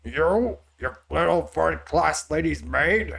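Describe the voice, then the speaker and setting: A man's voice: fairly high pitch, animated, slow, vocal fry, pitched above the performer's own voice, heavily acted. A man voicing a rude, burly male sailor with a heavy foreign accent and rolled R sounds, barking out accusations as he reads game dialogue aloud on stream. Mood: accusing. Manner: loud, accusing barks.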